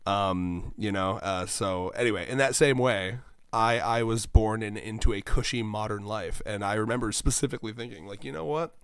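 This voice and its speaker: A man co-hosting a casual podcast chat, crude and joking, laughing often and breaking into loud bursts. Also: lowish voice, normal speed, smooth, no echo, clean studio sound. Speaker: podcast co-host.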